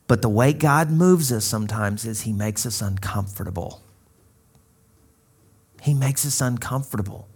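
A man from Arkansas in his thirties, preaching a sermon in a conversational, storytelling way and acting out quoted dialogue. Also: medium pitch. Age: 30s. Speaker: pastor.

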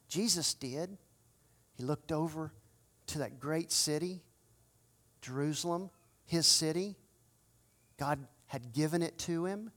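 A man preaching a sermon as pastor, swinging between loud impassioned cries and hushed pleading. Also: fairly high pitch, takes it slowly, long pauses.

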